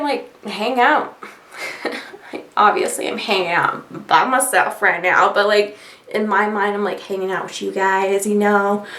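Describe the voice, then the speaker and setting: Sitting at her desk at home under lights, a woman vlogger with a mid-range, slightly bright voice chats casually to camera. She rambles, giggles at herself and is self-deprecating, and the sound is roomy and distant.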